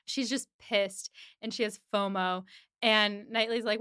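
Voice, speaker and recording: A woman hosting a podcast, recapping an episode in a casual, animated way with quick voiced asides. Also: mid-range voice, smooth, dry recording, studio quality. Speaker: podcast host.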